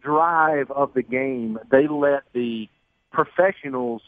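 A man's voice: medium pitch, slow pace, no room sound. A man, a sportscaster guest telling self-deprecating stories in a phone-in radio interview. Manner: storytelling, self-deprecating, chatty. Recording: tinny phone line.

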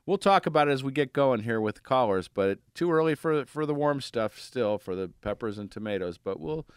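A man's voice: medium pitch, lively intonation, fairly quick, clear, resonant tone, no echo. A man hosting a radio gardening show in a studio, chatty and upbeat, laughing easily between thoughts. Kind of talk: casual radio talk. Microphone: studio microphone.

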